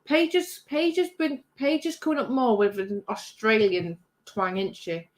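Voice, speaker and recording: A British livestream host at her home craft bench reads viewer comments in a loose, chatty manner, laughing easily along the way. She speaks on the high side, with a steady tone and measured pace.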